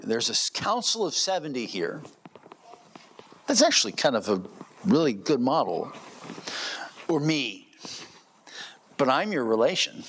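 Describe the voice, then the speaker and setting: A man's voice: a little high, a bit bright. A man preaching an expository sermon, reading verses and posing rhetorical questions to the congregation. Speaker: pastor.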